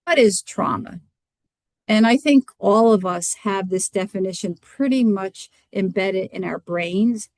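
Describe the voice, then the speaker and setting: Woman doctor presenting, earnest and measured, dry close sound, video call. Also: mid-range voice, no echo. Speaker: physician giving a lecture.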